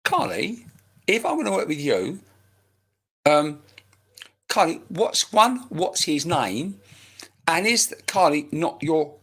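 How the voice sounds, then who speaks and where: A man's voice: on the high side, sing-song, takes it slowly, vocal fry, pauses often, fairly bright tone, husky. A man, working as a medium in a live-streamed reading, talking in a chatty, rambling way with casual banter and swearing, recorded on a webcam mic.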